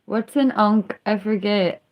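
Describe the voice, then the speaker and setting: A woman's voice: mid-range voice, takes it slowly, lo-fi sound. A young woman hosting a casual livestream, chatting in a drawling, sardonic way that mixes jokes with confessions. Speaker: livestream host.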